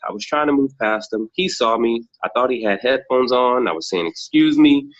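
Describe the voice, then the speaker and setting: On a podcast as a guest, a man tells thoughtful, reflective personal stories, acting out the dialogue he quotes. His medium-pitched voice is a bit bright and a little fast, and the recording sounds dull and lo-fi.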